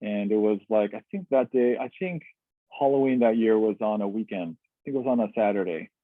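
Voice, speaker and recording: A man's voice: lowish voice, a little fast, no room sound. A man telling a personal story as a webinar guest, candid and reflective, with many fillers and restarts. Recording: tinny dry webinar audio.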